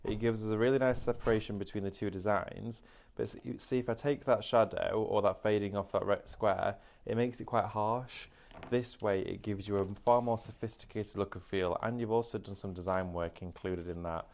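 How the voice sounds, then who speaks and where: A man's voice: fairly low pitch, steady tone, moderate pace, creaky, a little mellow. A man presenting a live craft demonstration, explaining each step in a chatty way. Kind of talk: live shopping craft demo.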